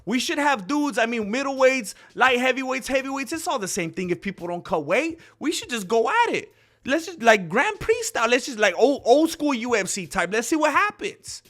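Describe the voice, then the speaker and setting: High, bright-voiced excitable young man. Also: moderate pace. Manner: excitable, laughing, quotes others in put-on voices. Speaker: MMA commentary host. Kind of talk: casual commentary monologue.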